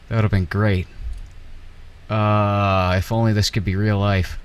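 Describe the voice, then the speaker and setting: A man's voice: lowish voice, little pitch movement, a little slow, pauses often, clear, resonant tone. A young man giving casual flight sim gameplay commentary, ranting angrily and swearing.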